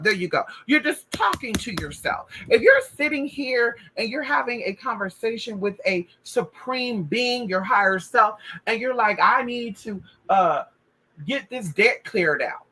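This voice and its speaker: A woman's voice: on the high side, animated, a little slow, bright, forceful tone, breathy edge, poor audio. A woman telling a spiritual story in casual talk, sassy and full of profanity. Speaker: spiritual practitioner.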